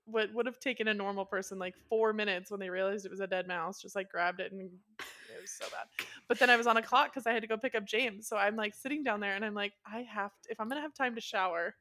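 A woman in her thirties, co-hosting a podcast in casual chat and telling a story with lively acted-out quotes. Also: fast talker, slight background noise. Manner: animated storyteller, acting out quotes with big pitch jumps. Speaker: podcast co-host.

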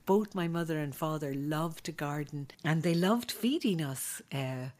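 A woman with an Irish accent and a low voice tells stories from her childhood. She speaks casually and with animation, breaking into laughter and quick asides. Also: darkish tone. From Ireland. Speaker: podcast host. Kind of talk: casual storytelling.

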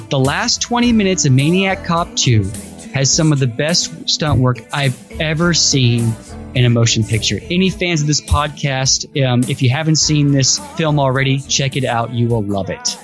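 A man's voice: mid-range voice, animated, moderate pace, soft background music. A man co-hosting a casual movie podcast, talking with easygoing enthusiasm and restarting his sentences as he goes. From Austin, Texas. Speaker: podcast co-host.

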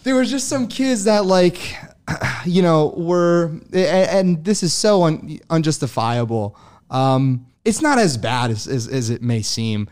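Young man telling a rough story. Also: on the high side, very animated, unhurried, darkish tone. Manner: loose and profane, many fillers, chuckles often. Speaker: guest. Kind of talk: candid storytelling interview.

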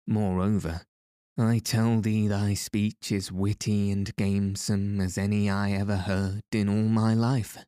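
A cheerful, daring outlaw who teases in an old-fashioned, courtly way, as a man reading the story puts him on. The voice is low and mellow, with unhurried delivery. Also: flat delivery, dry recording, studio quality, lightly acted. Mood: teasing. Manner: playful, mock-courtly old-fashioned speech. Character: merry, bold male outlaw hero, teasing.

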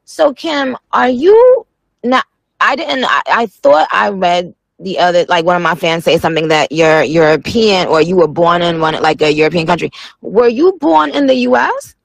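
A woman's voice: fairly low pitch, lively intonation, moderate pace, vocal fry, dry recording. A woman hosting a radio show, chatting with a guest in a playful, slangy, teasing way. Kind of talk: casual radio interview.

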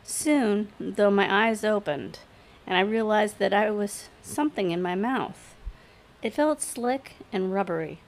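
A woman narrating a first-person story aloud in a steady, matter-of-fact reading voice. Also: medium pitch, a little slow. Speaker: story reader.

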